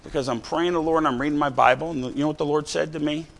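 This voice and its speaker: A man preaching a sermon, talking to the congregation in a casual way, with many "right?" and "you know" asides and shouts for emphasis. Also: a little high, fairly even intonation, racing, gravelly. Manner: conversational, rising to shouts of emphasis.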